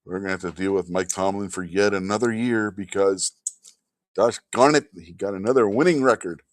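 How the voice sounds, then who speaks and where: A man's voice: deep voice, brisk, dry recording, studio quality. A man hosting a casual livestream chat, tired and yawning, talking in a blunt, grumbling way that slips into swearing. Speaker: host.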